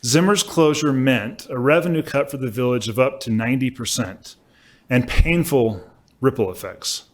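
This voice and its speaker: A male law professor giving a prepared symposium lecture, measured and emphatic, with occasional self-corrections, at a podium microphone. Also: medium pitch.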